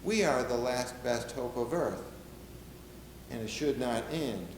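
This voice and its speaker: A man playing a solemn 1860s president, slow and oratorical. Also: mid-range voice, roomy sound, slight background noise, close to an everyday voice, poor audio. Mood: reflective. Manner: measured, oratorical, deliberate. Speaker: historical reenactor. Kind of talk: first-person historical portrayal.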